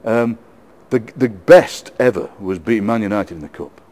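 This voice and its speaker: A middle-aged man with a Yorkshire accent, a poet being interviewed, telling lively football anecdotes with frequent laughs and repeated words. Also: fairly low pitch, moderate pace. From England. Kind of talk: casual storytelling interview.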